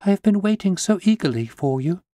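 A man's voice: on the high side, moderate pace, darkish tone, no echo, voice pushed up, lightly acted. A man putting on a frightened young woman. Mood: eager. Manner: eager and anxious.

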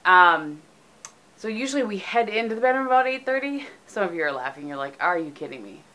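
A woman's voice: medium pitch, animated, a little fast, bright, forceful tone. A middle-aged woman from the United States, chatting casually in a home vlog with lots of ums, tired and sleepy, recorded on a camera mic. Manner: chatty, rambling, frequent ums. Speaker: vlogger.

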